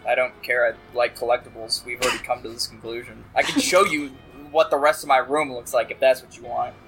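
A man's voice: medium pitch, little pitch movement, a little fast, over music, low-quality recording. A man in a casual podcast chat over an online voice call, laid-back, laughing often and trailing off when he can't find words.

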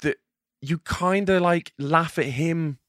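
A young man, chatting casually as a podcast co-host, jokey and quick to swear. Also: fairly high pitch, fairly bright tone, no echo, clean studio sound. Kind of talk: casual chat.

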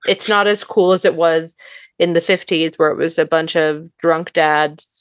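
A young woman co-hosting a casual chat show, swearing freely and reading old newspaper clippings in a deadpan way. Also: low-pitched, moderate pace, dry recording. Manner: profane, deadpan, laughs a lot. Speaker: podcast co-host.

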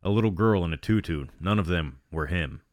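A man's voice: low-pitched, a little fast, no echo, studio quality. A man narrating a horror story aloud, with sardonic asides between passages.

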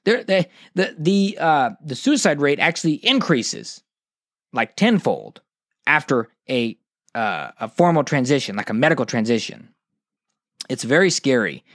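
A man's voice: mid-range voice, very animated, a little slow, fairly bright tone, dry recording, clean studio sound. A man, hosting a podcast monologue in a passionate, preachy way, often restarting his sentences. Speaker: podcast host.

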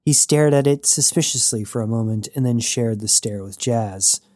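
A man narrating a science fiction story in an even storytelling read. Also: medium pitch, normal speed, no room sound, clean studio sound. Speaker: audiobook narrator. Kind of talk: scripted narration.

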